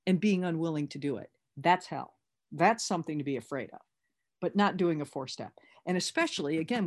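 A woman's voice: fairly low pitch, darkish tone. A woman talking candidly and emphatically as a sponsor teaching recovery step work in a conversational workshop.

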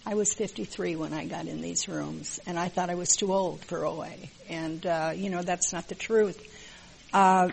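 A woman's voice: lowish voice, fairly even intonation, moderate pace, gravelly, a little hiss or hum, poor audio. Older woman giving a candid share. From American Midwest. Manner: plain, candid and wry, with many filler words. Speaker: support group member sharing. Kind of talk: personal testimony at a group meeting. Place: meeting room with a group.

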